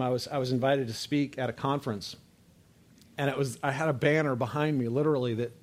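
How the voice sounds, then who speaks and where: A man preaching a sermon to a congregation, conversational and emphatic, dropping low and soft on key words and checking that listeners follow. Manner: conversational, builds to emphatic rises, asks audience to follow; frequent fillers and restarts, drops low and soft on key words.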